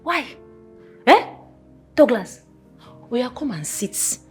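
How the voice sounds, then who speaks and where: An actress with a Nigerian accent playing a defiant, sharp-tongued young wife, given to mocking and dramatic outbursts in a film drama. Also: female voice, on the high side, big pitch swings, slow pace, slightly rough, soft background music, heavily acted.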